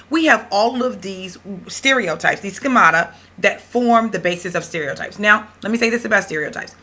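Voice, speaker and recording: Animated woman lecturer telling a story. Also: on the low side. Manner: animated, conversational, emphatic storyteller. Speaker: professor.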